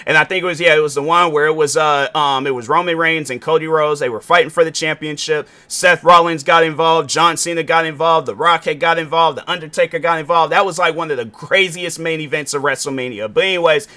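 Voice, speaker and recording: Animated young man with a bright voice. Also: a little high. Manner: rambling, animated, self-correcting with many fillers. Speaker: podcast host. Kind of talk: casual solo podcast monologue. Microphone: sitting at a podcast mic.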